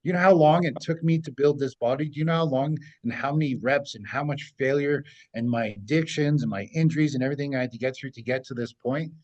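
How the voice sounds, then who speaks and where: A man's voice: medium pitch, fast, hardly any pauses, a little mellow, dull audio. A man around forty, a self-defense coach hosting a casual podcast, tells stories and keeps checking in with "right?". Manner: storytelling, often tags phrases with "right?".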